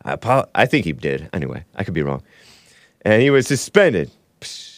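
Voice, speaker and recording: A man's voice: sits low, very animated, normal speed, dry recording. A man hosting a solo commentary stream, a little under the weather, talking in a rambling, sarcastic way with frequent asides. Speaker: talk show host.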